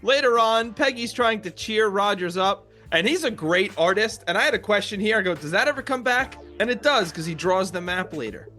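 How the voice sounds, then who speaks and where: Podcast co-host, male, high and bright, chatty scene-by-scene recapper. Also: lively intonation, fairly quick, hardly any pauses, soft background music. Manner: recaps scenes with quoted lines and laughs. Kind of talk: casual movie discussion.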